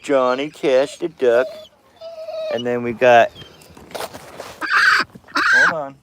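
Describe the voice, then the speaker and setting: A man's voice: mid-range voice, steady tone, slow pace, background noise. A man chatting casually to viewers on a live stream in a laid-back, slangy way.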